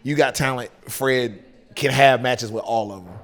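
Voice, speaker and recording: A man with a Southern US accent talks casually as a guest. He rambles and fills his sentences with ums and likes. Long hall reverb trails his mid-pitched voice. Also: normal speed. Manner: laid-back, rambling, with many fillers. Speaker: guest, pro wrestler. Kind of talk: casual chat.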